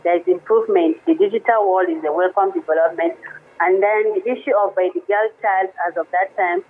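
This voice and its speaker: A woman, a lawyer guest on a radio show, speaking haltingly with many restarts. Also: mid-range voice, fairly even intonation. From Nigeria. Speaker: guest, women's rights lawyer. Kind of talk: radio interview by phone. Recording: phone line into radio studio.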